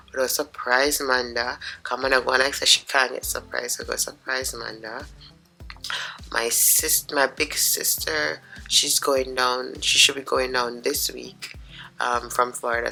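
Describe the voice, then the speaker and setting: A middle-aged woman with a Jamaican accent chatting to camera in her home office, hoarse and raspy from being sick, chatty and talking to herself in asides. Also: very deep voice, bright, forceful tone, rough recording. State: hoarse, sick with sore throat. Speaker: vlogger. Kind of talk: casual vlog chat to camera.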